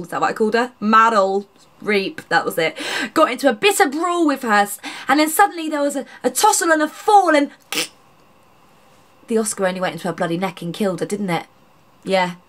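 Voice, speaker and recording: A woman's voice: mid-range voice, a bit bright. A chatty, giggly woman walking viewers through a makeup tutorial, joking at herself as she goes. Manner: chatty, giggly, self-mocking. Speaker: makeup artist.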